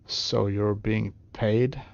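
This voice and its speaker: A man casually commenting on a game as he streams it, with hesitant "uh"s and asides. His voice is gravelly and his pace is unhurried. The recording is slightly dull and lo-fi, with faint game music behind him. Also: fairly low pitch, fairly even intonation.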